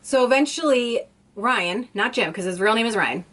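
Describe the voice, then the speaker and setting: A woman's voice: on the high side, animated, normal speed, a bit bright. A woman YouTuber casually retelling a true crime story, rambling with restarts and lots of "like".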